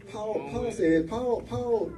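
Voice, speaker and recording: A man, a senior pastor, preaching a sermon in a church, repeating phrases and building up to shouts. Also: high-pitched, far from the mic, poor audio.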